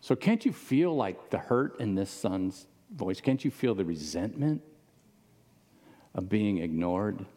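A man's voice: on the low side, very animated, slow pace, dark tone. A man preaching a casual, conversational sermon to a congregation in a church auditorium, often asking the audience questions. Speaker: pastor. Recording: long reverb of a large hall.

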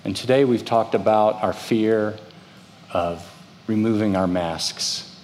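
A man's voice: on the low side, takes it slowly, a little mellow, slight background noise. A middle-aged man preaching a sermon as pastor, telling stories and acting out the voices of the people in them. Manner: storytelling, acts out quoted voices. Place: church. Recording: reverberant church hall.

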